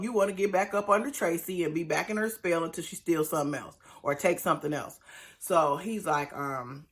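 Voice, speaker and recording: Host, woman, animated and emphatic, casual show recaps. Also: lowish voice, a little fast. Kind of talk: casual commentary.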